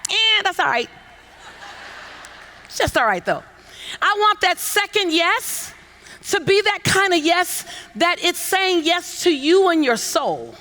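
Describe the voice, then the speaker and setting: A woman giving a motivational keynote on a conference stage, coaxing the audience into call-and-response and building to shouts with repeated phrases. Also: very high-pitched, big pitch swings, slow pace, pauses often. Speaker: motivational speaker. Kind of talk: keynote speech to a conference crowd. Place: large conference hall on stage.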